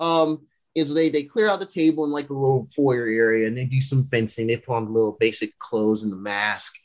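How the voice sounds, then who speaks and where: A young man hosts a podcast, recapping a show casually in rambling slang and laughing often. His voice is medium-pitched and a little fast.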